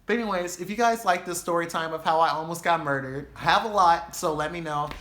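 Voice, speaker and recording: A young man tells a wild storytime to his vlog audience, loose and profane. His voice sits a little high for a man, and he acts out every line of dialogue. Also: fast talker. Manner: animated, profane storytelling with acted quotes. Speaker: vlogger.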